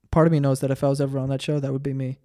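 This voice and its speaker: A man's voice: medium pitch, mellow. A young man hosting a solo podcast, ranting profanely and mocking people in put-on voices. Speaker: podcast host. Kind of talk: solo comedic podcast rant with ad read.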